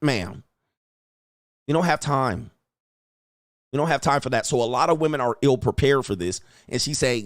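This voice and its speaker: A man hosting a livestream, talking bluntly and crudely in a lecturing way and acting out quoted women in a higher voice. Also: expressive, moderate pace, pauses often, no echo, studio quality. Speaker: host. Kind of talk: livestream commentary.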